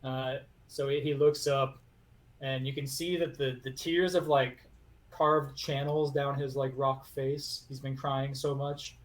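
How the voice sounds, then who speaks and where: A man narrating a tabletop game as game master, halting and full of fillers. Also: medium pitch, little pitch movement.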